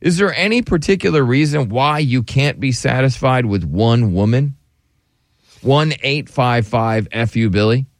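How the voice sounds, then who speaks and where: A male talk show host with a lively, swooping voice jokes and spins playful examples. He is recorded dry and close, with no room sound. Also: mid-range voice, measured pace, no room sound. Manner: joking, animated storytelling. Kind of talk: casual talk show banter.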